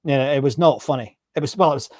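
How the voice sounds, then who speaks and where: A man hosts a relaxed interview, his voice recorded close and dry with no room sound. His pitch is middling. He chats loosely and mocks his own failures. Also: fast, no echo. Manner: frequent short backchannels, rambling and self-deprecating. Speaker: podcast host. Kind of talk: casual interview chat.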